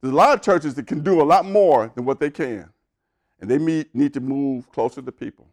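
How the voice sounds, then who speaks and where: A man's voice: fairly high pitch, brisk, a little mellow. A man preaching a sermon with emphasis, his voice climbing as he builds a point. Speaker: pastor.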